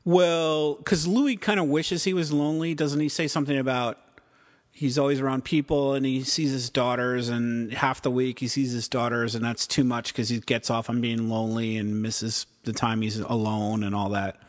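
A man's voice: medium pitch, level tone, normal speed. Rambling man in a reverby room. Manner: rambling, acts out quotes, frequent "like". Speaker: podcast co-host. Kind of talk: casual chat reviewing TV episodes.

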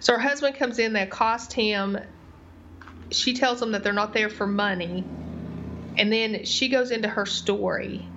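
A woman's voice: medium pitch, normal speed, slight background noise. Woman recapping a TV episode. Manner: animated storyteller, retells scenes in detail. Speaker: podcast co-host. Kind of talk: casual TV recap chat. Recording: slightly dull lo-fi recording.

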